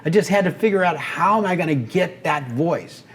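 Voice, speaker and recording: A man in his seventies from Texas, an animated storyteller and voice actor being interviewed on a podcast. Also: a little high, moderate pace. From Texas, United States. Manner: animated, breaks into character voices. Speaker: guest, voice actor and radio host.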